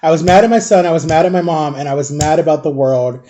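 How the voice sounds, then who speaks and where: Rambling, throat-clearing man with a mellow voice. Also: a little high, fairly even intonation, fast. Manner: chatty, swears casually. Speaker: vlogger. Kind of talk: casual storytime vlog.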